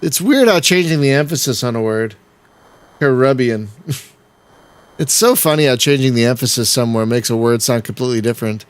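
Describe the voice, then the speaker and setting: A man's voice: medium pitch, lively intonation, brisk. Chatty man narrating his gameplay. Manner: chatty, rambling, laughs often, exasperated outbursts. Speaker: gaming channel host. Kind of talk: casual let's-play commentary.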